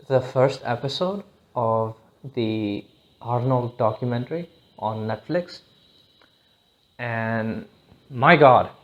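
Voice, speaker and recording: A man hosting a solo podcast in a loose, rambling monologue, swearing freely and often restarting his sentences. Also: mid-range voice. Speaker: podcast host. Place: lives in India.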